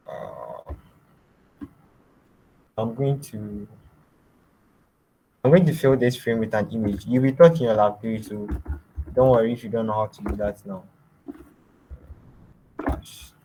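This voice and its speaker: A man teaching a design lab, giving step-by-step software instructions and often trailing off quietly. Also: lowish voice, lively intonation, takes it slowly, long pauses, slight background noise, poor audio. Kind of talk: screen-share software tutorial.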